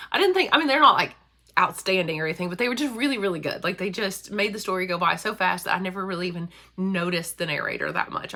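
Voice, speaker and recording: A school librarian and book vlogger from Kentucky, USA, chats casually about books and laughs often. Her voice is medium-pitched, bright and forceful.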